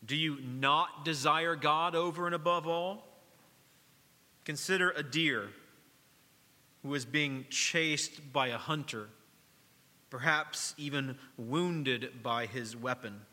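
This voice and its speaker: A middle-aged man, a pastor preaching a sermon in a church, speaking earnestly, dropping to a hush and then rising to emphasis. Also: on the high side, takes it slowly, long pauses, big-room sound. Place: church sanctuary during worship.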